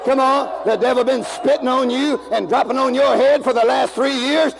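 A man preaching a fiery revival sermon to a congregation, shouting and calling for responses. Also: very high-pitched, steady tone, normal speed, gravelly, hardly any pauses, a crowd in the background, poor audio. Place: church with congregation.

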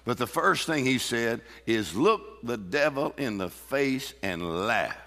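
A man preaching a sermon with exuberant energy, breaking into shouts and bursts of laughter. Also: mid-range voice, lively intonation, slow, in a large hall. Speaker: pastor.

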